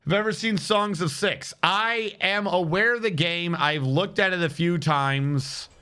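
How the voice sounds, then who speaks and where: A man with a high, smooth voice and a sharp tone speaks unhurriedly while streaming a building game. He thinks aloud casually and answers his chat, with guitar music playing behind him.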